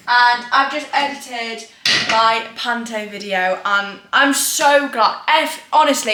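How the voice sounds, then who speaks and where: Young british girl rambling on in her vlog, slightly high voice, laughs at herself. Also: pushed and bright. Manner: chatty, rambling, self-deprecating. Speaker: vlogger. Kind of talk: casual vlog chat to camera.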